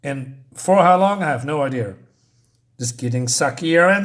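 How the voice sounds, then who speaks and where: Male comic reviewer, a bit higher-pitched, sarcastic, rambling, fillers everywhere. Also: animated, a bit bright. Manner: reads dialogue aloud in quick snatches. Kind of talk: casual spoken review.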